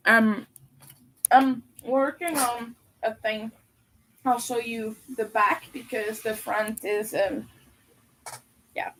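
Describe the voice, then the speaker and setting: Young woman rambling slow on a live stream, eating and chatting, voice a bit high. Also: steady tone, a bit bright, a little hiss or hum, low-quality recording. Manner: chatty, talks while eating. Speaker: livestreamer and crocheter. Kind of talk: casual livestream chat.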